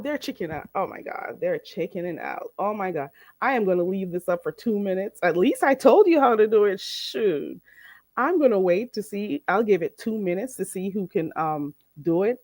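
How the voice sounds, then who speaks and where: A woman's voice: mid-range voice, lively intonation, no echo, clean studio sound. A woman hosting a live stream, chatting casually with viewers and teasing them playfully while teaching them phrases. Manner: playful and teasing, drawn-out slow demonstrations. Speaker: livestream host teaching phrases.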